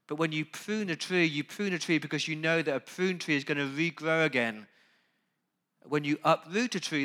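A man preaching a sermon. He talks straight to the congregation and moves from quiet, conversational asides to loud, urgent emphasis. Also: fairly high pitch. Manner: conversational, asks the congregation direct questions. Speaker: pastor.

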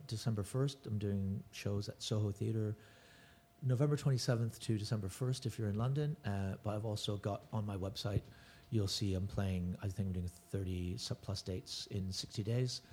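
A man's voice: lowish voice, normal speed, mellow, slight background noise. A middle-aged man, a touring stand-up comedian, chatting casually as a podcast guest and rambling with restarts and self-corrections.

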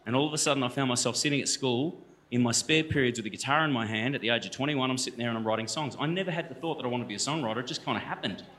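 Fast, bright-voiced Australian man. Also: medium pitch. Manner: chatty, joking, addresses the audience directly. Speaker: guest speaker and musician. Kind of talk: storytelling talk to a church audience. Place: church hall.

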